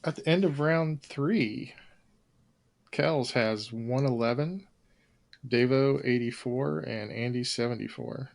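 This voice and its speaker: A man's voice: medium pitch, slow, vocal fry, darkish tone. A man hosting a trivia game, reading questions and answers with dry, wry humor. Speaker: quizmaster host.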